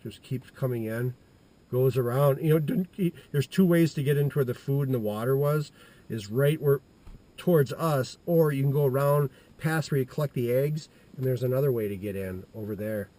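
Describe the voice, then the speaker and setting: A middle-aged man telling a childhood anecdote in a halting, rambling way, full of restarts and fillers. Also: medium pitch, dark tone. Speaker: storyteller.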